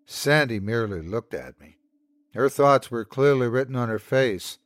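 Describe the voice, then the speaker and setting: Man narrating a horror story slowly. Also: mid-range voice, lively intonation, no room sound, studio quality. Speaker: podcast host and narrator.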